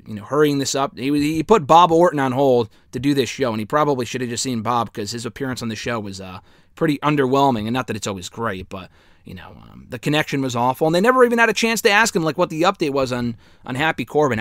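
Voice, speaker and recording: A man in the middle of his range chats through a recap of a wrestling broadcast, rambling and doubling back to fix his own details. His casual, unscripted review style stays loose and friendly. The recording is dry and close, with almost no room echo. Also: medium pitch. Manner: rambling, self-correcting, chatty.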